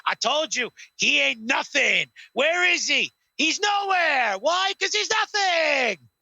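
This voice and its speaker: A man imitating a boastful male wrestling star who taunts a rival, shouting his lines at home. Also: very high-pitched, animated, slow, vocal fry, no room sound, muffled recording, pitched above the performer's own voice, exaggerated voice. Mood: taunting. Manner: trash-talking, repeats his catchphrase.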